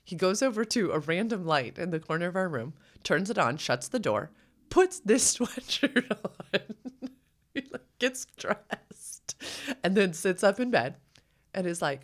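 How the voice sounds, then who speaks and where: A woman's voice: lowish voice, sing-song, a little slow. A woman co-hosting a podcast, talking earnestly and reflectively in casual conversation, acting out her own quoted thoughts. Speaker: podcast co-host.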